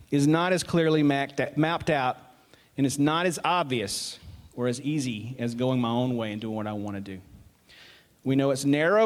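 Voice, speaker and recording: Conversational man preaching a sermon. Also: a little high. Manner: conversational, asides and self-corrections; reads scripture aloud with rising emphasis.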